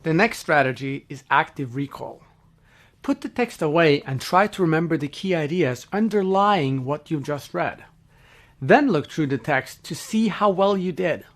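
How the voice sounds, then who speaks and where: This is a scripted teaching narration by a man whose pitch runs a little high. He moves at a moderate pace, explaining things in an even, informative manner.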